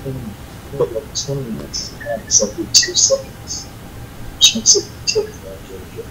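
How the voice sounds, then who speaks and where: A man chatting casually on a voice call, often halting and restarting his sentences. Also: medium pitch, huge pitch swings, noisy background. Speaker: voice chat participant. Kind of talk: casual chat.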